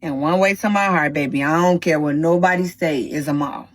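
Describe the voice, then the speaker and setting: A woman hosting a casual storytime vlog, talking straight to her viewers in an animated, slangy way. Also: low voice, a little fast, dry recording, low-quality recording. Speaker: storytime host.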